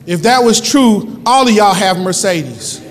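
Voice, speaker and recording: Man preaching, very high voice, long church reverb, shouts and quick asides. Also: expressive. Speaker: pastor. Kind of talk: sermon. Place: church sanctuary.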